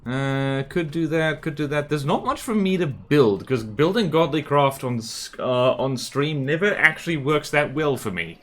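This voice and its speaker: A man's voice: on the high side, lively intonation. A man with an Australian accent chatting casually and joking as he streams a game. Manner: chatty, jokey, quick to laugh. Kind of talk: casual live-stream chat over gameplay.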